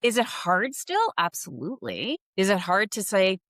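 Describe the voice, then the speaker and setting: A woman's voice: medium pitch, very animated, moderate pace, fairly bright tone, no echo, studio quality. A woman executive coach talking candidly and reflectively as a podcast guest, laughing lightly and posing questions to herself. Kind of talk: conversational podcast interview.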